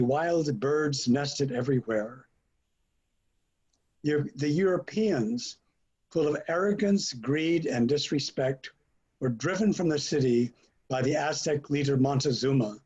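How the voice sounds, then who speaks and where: A man on a panel reading a prepared essay aloud in a measured, deliberate way. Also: mid-range voice, a little mellow, breathy edge, muffled recording.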